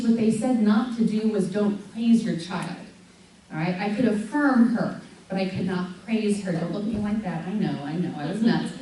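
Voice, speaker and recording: A middle-aged woman giving a lively talk to a parents' group, acting out stories with big jumps in her voice and frequent laughs. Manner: animated storyteller, acts out voices of her daughter with big pitch jumps and laughs. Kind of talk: live talk to an audience. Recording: echoey hall from far off, faint hum.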